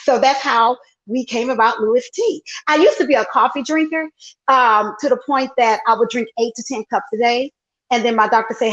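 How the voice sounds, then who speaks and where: A woman's voice: fairly quick, lo-fi sound. A woman with a Southern Texas accent, enthusiastically presenting her tea products in a chatty live demo over an earpiece. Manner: exuberant, chatty, sales pitch. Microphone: earpiece, livestream.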